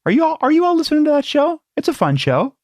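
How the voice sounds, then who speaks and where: A man co-hosting a spooky podcast, joking and chatty, reading plugs and phone numbers slowly. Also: extremely high pitch, wildly swooping pitch, darkish tone, dry recording, clean studio sound. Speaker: podcast co-host. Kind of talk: casual chat.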